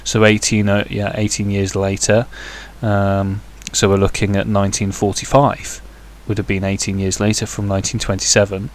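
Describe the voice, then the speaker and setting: A man's voice: lowish voice, steady tone, normal speed. A man hosting a podcast on his own, rambling casually with many hesitations and crude, jokey asides. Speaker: podcast host. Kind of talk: casual solo podcast chat.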